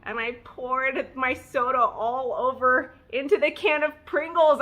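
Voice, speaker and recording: A woman speaks in a casual vlog with a bright, slightly tense voice. She tells her story candidly and emotionally, filling it with "like" and little self-mocking laughs. Now and then she acts out what she once said. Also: high voice, measured pace, hardly any pauses. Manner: animated, acting out her own past words. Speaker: vlogger sharing her story.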